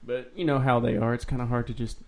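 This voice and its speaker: A man's voice: medium pitch, level tone, fast, creaky. A man co-hosting a podcast, bantering playfully in casual chat. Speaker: podcast co-host.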